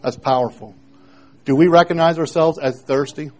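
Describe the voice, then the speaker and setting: A man preaching a sermon in a plain, homely way, dropping to quiet questions and rising loud when reading scripture. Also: fairly high pitch, moderate pace, low-quality recording. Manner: homely, plain-spoken with repeated phrases.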